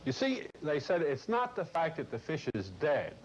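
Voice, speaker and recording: A man giving a lecture to a corporate class, telling a long story in a blunt, salty, animated way. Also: on the high side, moderate pace. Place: lecture room. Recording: muffled old videotape with faint hiss.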